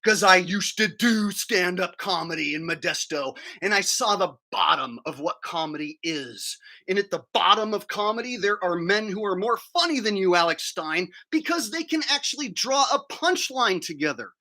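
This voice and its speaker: Lively ranting streamer man. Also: high-pitched, normal speed, hardly any pauses. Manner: combative, crude, ranting; talks while chewing food. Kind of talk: profane livestream rant.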